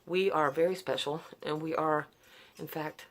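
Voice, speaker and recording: An earnest middle-aged woman talks straight to the camera, unscripted and heartfelt. Her voice sits a little low, and her words keep tumbling into sighs, soft laughs and restarts. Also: fairly even intonation, moderate pace. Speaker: vlogger telling her story. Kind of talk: unscripted personal testimony to camera.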